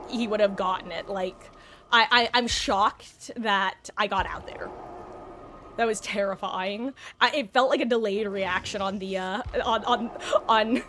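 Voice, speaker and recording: A woman's voice: mid-range voice, slight background noise. A woman live-streaming a game, chatting casually and rambling through stories to her viewers. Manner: chatty, rambling, animated with sudden shrieks. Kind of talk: casual live-stream chat while gaming.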